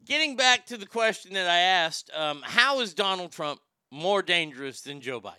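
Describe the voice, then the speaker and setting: Blunt, profane talk show host. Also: male voice, sits high, lively intonation, normal speed, bright, forceful tone, smooth, dry recording. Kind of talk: casual call-in chat.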